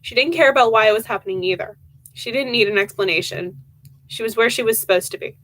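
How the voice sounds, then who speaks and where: Young woman, stream book reading, soft emotional delivery, frequent stumbles, fairly high voice. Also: quick pace, slight background noise, poor audio. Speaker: reader of horror books.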